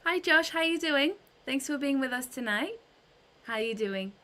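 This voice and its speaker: A woman's voice: high voice, animated, moderate pace, pushed and bright. A woman hosting a casual livestream, chatting with her audience, greeting viewers by name, with frequent fillers and restarts. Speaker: livestream host.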